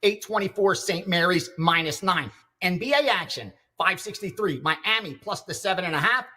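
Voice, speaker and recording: A man's voice: sits high, normal speed, sharp tone. A man on a sports betting show who reads off his picks and then tells a story in a fervent, preachy way. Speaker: sports handicapper. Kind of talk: reading picks, then casual chat.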